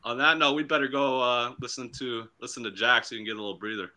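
A man's voice: medium pitch, steady tone, quick pace, noisy background. A man hosting a casual sports podcast, hyped and teasing as he runs a mock draft. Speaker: podcast host.

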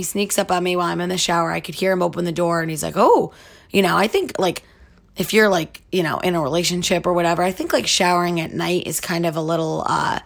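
A woman's voice: lowish voice, creaky. A young woman hosting a podcast, telling a candid story in a chatty way full of likes and you-knows. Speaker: podcast host. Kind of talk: casual storytelling monologue.

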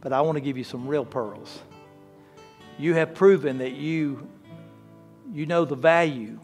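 A man as a quiet, tender father. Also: a little high, unhurried, soft background music. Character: gentle loving father speaking to daughter.

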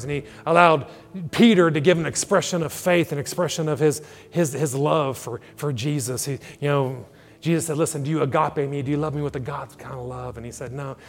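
A male pastor preaching a sermon, dramatically acting out scripture dialogue. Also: on the high side. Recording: long hall reverb with faint music.

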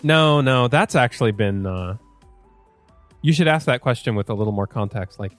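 A man hosting a casual tech podcast, talking in a rambling way with fillers and self-corrections. His voice sits at an ordinary pitch for a man. The sound is dry and close, with no room around it. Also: animated, moderate pace, no echo, faint music behind. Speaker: podcast host.

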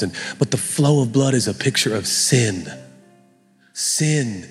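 A middle-aged man preaching a sermon as pastor, animated and joking in a conversational way. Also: lowish voice, unhurried, slightly rough, big-room sound, soft background music.

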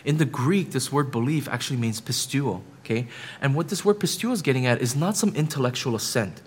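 A man's voice: mid-range voice, animated, a little fast, a little hiss or hum. A man preaching a sermon as pastor, building emphatic repetitions and often checking in with the listeners with "right?".

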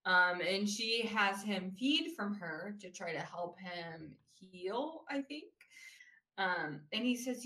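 A woman's voice: mid-range voice, lively intonation, measured pace, bright, forceful tone, roomy sound. A woman co-hosting a podcast, chatting casually about a show and filling her talk with "like.". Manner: chatty, many "like" fillers. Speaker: podcast co-host. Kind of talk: casual chat recapping a show.

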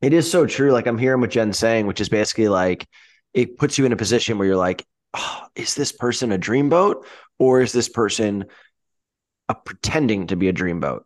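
A man co-hosting a podcast in casual chat, easygoing and quick to chime in. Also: fairly low pitch, expressive. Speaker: podcast co-host.

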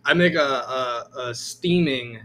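A man's voice: mid-range voice, slow, bright, forceful tone. A man from the Chicago suburbs, a musician guest in an interview, talking in a hesitant, laid-back way. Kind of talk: casual interview chat.

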